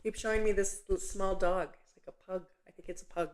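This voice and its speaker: A woman hosting a live psychic medium session, talking gently and haltingly with many pauses and restarts. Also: mid-range voice, fairly even intonation. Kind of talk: live online reading.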